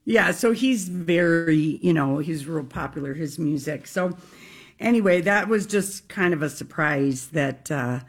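A woman's voice: low-pitched, expressive, measured pace. A woman from the co-hosting a radio talk show, rambling casually with plenty of ums. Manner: rambling, with many ums and uhs. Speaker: radio co-host.

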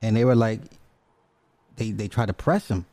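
A man in casual chat, relaxed and curious, laughing easily as he tells a story. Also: fairly low pitch, moderate pace, no room sound.

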